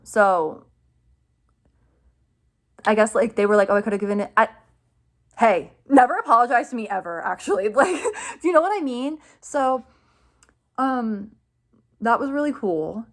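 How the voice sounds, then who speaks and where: A young woman casually telling a story to her camera, excited and rambling, full of fillers and quick laughs. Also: mid-range voice. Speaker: vlogger telling a fan story.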